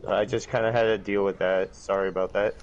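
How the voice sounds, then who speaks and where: A low-pitched man speaks fairly quickly as he chats casually on a live stream, spinning animated stories and playing out phone calls in raised voices. The sound is lo-fi.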